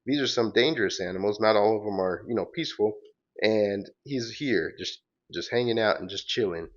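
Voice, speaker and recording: A man's voice: on the low side, normal speed. A man hosting a casual comic-book read-along, rambling with fillers and self-corrections, on a dull lo-fi recording. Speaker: host reading and recapping comics.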